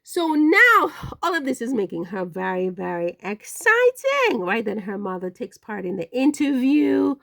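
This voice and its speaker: A woman hosting a commentary channel, delivering a sarcastic, animated monologue and repeating words for effect. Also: fairly high pitch, measured pace, creaky, hardly any pauses, dry recording.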